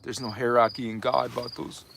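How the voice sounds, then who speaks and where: A man's voice: mid-range voice, flat delivery, moderate pace, creaky, a bit bright, a little hiss or hum. A man giving a live spiritual teaching talk as the channel's host, emphatic and preachy, with mocking asides and frequent repetitions.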